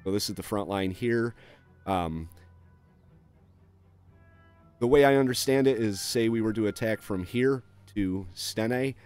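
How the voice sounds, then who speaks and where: Low-voiced man narrating a strategy game. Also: moderate pace, darkish tone, clean tone, soft background music. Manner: reads on-screen text aloud, adds dry offhand asides; frequent "uh" and "um" fillers. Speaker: gameplay video host. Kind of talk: casual game walkthrough.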